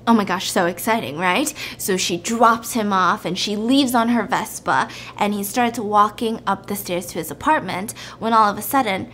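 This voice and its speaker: A woman's voice: medium pitch, normal speed, few pauses, slight background noise. A woman hosting, animatedly retelling a movie plot in casual chat. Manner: animated storytelling. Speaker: podcast host.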